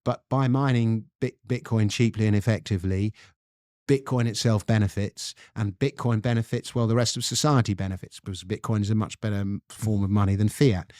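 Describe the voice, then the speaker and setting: A man's voice: fairly low pitch, steady tone, brisk, warm tone, no echo. English man telling history, dry sound. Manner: storytelling, reads quotes aloud with emphasis. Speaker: guest author. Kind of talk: podcast interview, explaining history.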